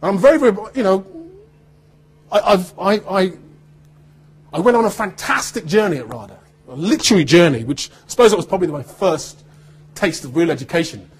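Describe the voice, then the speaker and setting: Very husky, animated British man. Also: high-pitched, fairly quick, pauses often. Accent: neutral standard British. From Birmingham, England. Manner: animated storytelling with laughter and acted-out quotes. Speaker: actor speaking to students. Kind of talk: anecdotal speech to students.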